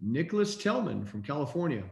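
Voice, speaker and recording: A man hosting a casual online call, reading out names in an upbeat, brisk way. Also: a little high, very animated, vocal fry, reverberant. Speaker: host.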